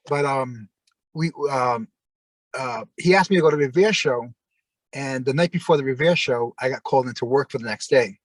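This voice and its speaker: A man's voice: medium pitch, normal speed, dry recording. A man, a former wrestler telling long anecdotes in a casual interview, full of fillers and quoted dialogue.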